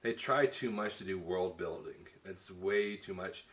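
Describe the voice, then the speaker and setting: A man's voice: deep voice, measured pace, a bit bright. A man hosting a casual film review chat, talking loosely with many restarts. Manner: chatty, many restarts and "you know". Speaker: film reviewer, show host.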